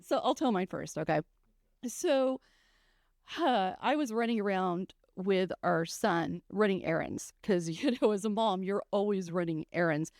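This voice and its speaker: A woman's voice: medium pitch, a little slow, darkish tone, dry recording, clean studio sound. A middle-aged woman co-hosting a show, telling funny stories in a casual chat, laughing often and acting out voices. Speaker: co-host, biblical coach.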